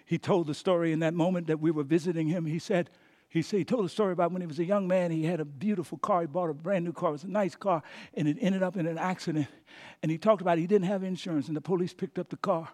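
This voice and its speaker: A male pastor preaching a sermon, dropping to hushed tones and rising to shouted peaks, with frequent "come on now" asides. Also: fairly high pitch, fairly even intonation, fast talker. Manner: swings from hushed whispers to shouted climaxes.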